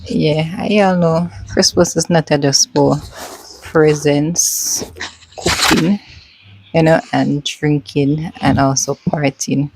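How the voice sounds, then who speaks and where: A woman with a Jamaican accent chatting casually in a vlog, relaxed and slipping into patois. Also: low-pitched, slow pace, slight background noise, rough recording. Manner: relaxed, mixes patois into chat. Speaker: vlogger.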